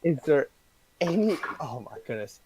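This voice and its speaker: A man playing a tabletop role-playing game, chatty and pleading, quick to laugh. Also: a little high, very animated, a little mellow, a little hiss or hum. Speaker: player. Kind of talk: in-character table talk.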